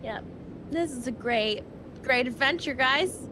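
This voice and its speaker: A woman playing in a tabletop game over voice chat, animated and self-mocking. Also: high voice, measured pace, noisy background. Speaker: player.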